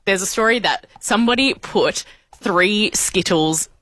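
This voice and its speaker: A woman's voice: medium pitch, a little slow, a bit bright, no echo. A woman on a breakfast radio show, recounting a story hesitantly and with giggles. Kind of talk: casual radio chat.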